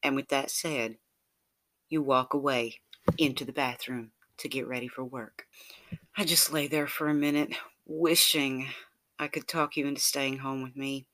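A man narrating an intimate romantic story in a soft, tender, unhurried way. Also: medium pitch, steady tone, no room sound.

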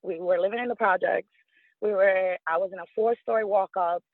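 A woman in her thirties from New York, telling a personal story as an interview guest, lively and acting out what others said. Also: medium pitch, fairly quick, no echo. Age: 30s. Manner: animated, acts out quoted voices, frequent fillers. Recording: tinny phone-line sound.

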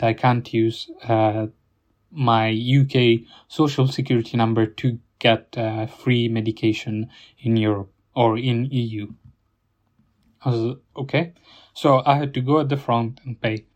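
A man's voice: medium pitch, darkish tone. A young man who grew up in Italy, telling a story about his day in an indignant, rambling way with restarts. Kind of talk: storytime monologue.

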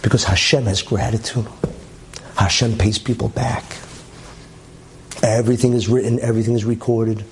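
A man telling a religious story in a lively way, with chatty asides and many okays. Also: lowish voice, moderate pace, pauses often, slight background noise. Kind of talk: animated storytelling talk.

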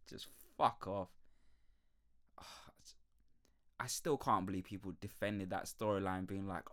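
A young man hosting his own podcast, ranting in a sweary, animated way with frequent laughs. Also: on the low side, slow pace, long pauses. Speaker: podcast host. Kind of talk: casual ranting monologue.

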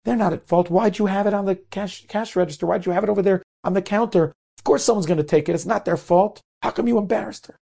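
A man's voice: sits high, quick pace, gravelly, hardly any pauses, mellow, husky, voice pushed up, exaggerated voice. A man voicing a store manager who firmly scolds an employee. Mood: scolding. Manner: firm, scolding. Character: young store manager, firm and reasonable.

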